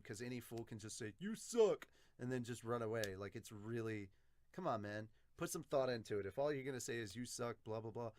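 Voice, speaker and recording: A man's voice: mid-range voice, no echo. A man hosting an anime podcast, casually reading out viewer comments and chatting, swearing and laughing easily.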